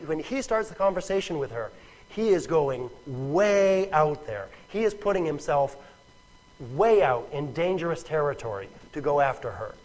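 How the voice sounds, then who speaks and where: A man's voice: a little high, low-quality recording. A man preaching a sermon in a conversational, emphatic way, often repeating words and checking with "right?".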